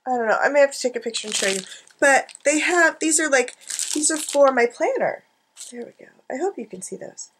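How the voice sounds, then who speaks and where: A woman's voice: sits high, expressive, brisk, fairly bright tone, slight background noise. A middle-aged woman chatting and rambling to a camera at her craft desk at home, giggly with self-mocking asides. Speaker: art journaling vlogger. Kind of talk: rambling casual chat to camera.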